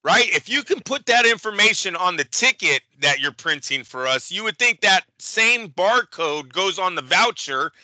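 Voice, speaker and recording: A man co-hosting a show, telling a story in casual chat, animated and profane, acting out the people he quotes. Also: high-pitched, normal speed, few pauses, dry recording, low-quality recording. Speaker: boxing show co-host.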